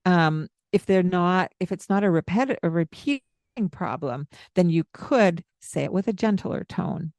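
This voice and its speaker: A woman co-hosting a parenting podcast, giving calm, gentle advice and showing tones of voice. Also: lowish voice, moderate pace, no echo. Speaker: podcast co-host, parenting coach. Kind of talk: casual advice chat.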